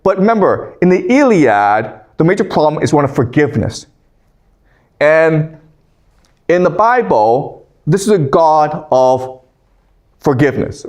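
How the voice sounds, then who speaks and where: A man lecturing a class in a slightly high-pitched voice. He reads scripture aloud, then paraphrases it in loose, conversational terms, pausing often to ask his listeners "okay?". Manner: conversational, frequent "okay?" check-ins.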